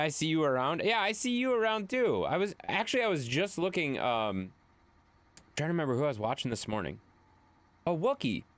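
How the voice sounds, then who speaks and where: A man's voice: medium pitch, fairly bright tone. A man streaming live, chatting casually and rambling as he answers viewers' chat.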